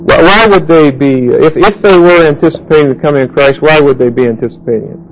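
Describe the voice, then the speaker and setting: A man teaching a Bible class verse by verse, halting with fillers and restarts and putting questions to his listeners. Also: a little high, slight background noise, poor audio.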